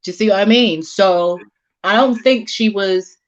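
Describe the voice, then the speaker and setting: A woman's voice: medium pitch, unhurried, lo-fi sound. A woman speaking as a panelist and advocate, frank and emphatic, with street slang. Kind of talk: casual panel discussion.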